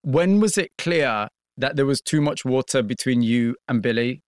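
A man's voice: mid-range voice, lively intonation, normal speed, no room sound. Dry-voiced male interviewer. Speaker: interviewer and narrator. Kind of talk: documentary narration and interviewing.

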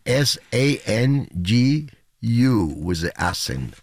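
Older man with a gravelly low voice, animated. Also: takes it slowly, no echo, studio quality. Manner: animated storyteller, laughs often, acts out quotes. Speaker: guest musician. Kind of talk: radio interview on a call.

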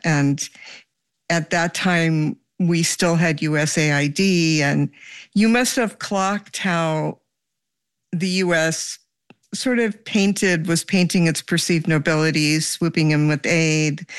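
An interviewer asking measured, probing questions. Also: medium pitch, smooth, no echo.

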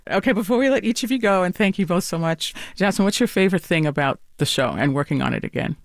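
A woman interviewing two actresses about their show, friendly and quick to laugh. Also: lowish voice, expressive, no room sound, clean studio sound.

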